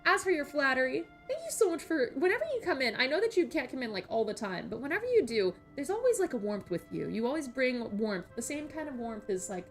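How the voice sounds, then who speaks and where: Woman game streamer, slightly high, casual and gushing with thanks, soft music bed. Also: sing-song, quick pace, hardly any pauses. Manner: chatty, thanks chat members warmly. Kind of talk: casual gameplay commentary.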